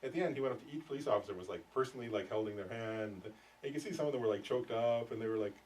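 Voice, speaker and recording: A man's voice: medium pitch, racing, a little mellow. A middle-aged man teaching a Buddhist class in a loose, conversational way, often checking whether his listeners follow. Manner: conversational, keeps checking "does that make sense?". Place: meditation center teaching room. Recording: distant mic, faint room noise.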